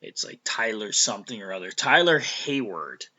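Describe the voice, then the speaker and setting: A man's voice: fairly low pitch, very animated, normal speed, sharp tone, muffled recording. A man casually recapping a TV episode, rambling with fillers and restarts and loosely acting out the characters' lines. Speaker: recap vlogger.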